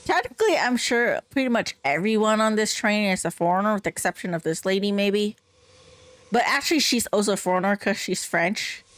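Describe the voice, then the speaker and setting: A woman's voice: medium pitch, lively intonation, brisk. Chatty young woman gameplay streamer. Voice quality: chatty, lots of "like". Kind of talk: casual let's-play commentary.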